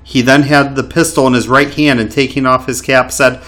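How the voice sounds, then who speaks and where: A man's voice: medium pitch, steady tone, normal speed, fairly bright tone. A man in a casual chat who reads parts of a historical account aloud, often asking questions and restarting his words. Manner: hesitant, questioning, with stammered restarts.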